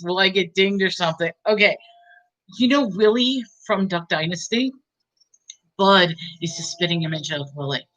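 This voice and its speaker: A woman's voice: lowish voice, fairly bright tone, dull audio. A woman giving a casual, rambling movie review, chatty and giggly, with many fillers.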